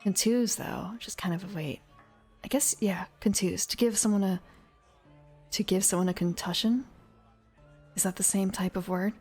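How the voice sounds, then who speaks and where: A woman softly reading game rules aloud in an ASMR whisper, musing to herself between passages. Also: medium pitch, fairly even intonation, moderate pace, long pauses, husky. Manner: soft, musing asides between rule text. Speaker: ASMR reader. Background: faint ambient music.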